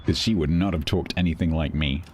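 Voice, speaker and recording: A man's voice: rumbling low, fairly quick, darkish tone, slight background noise. A man streaming a game, chatting casually and musing aloud as he answers viewers' questions. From England.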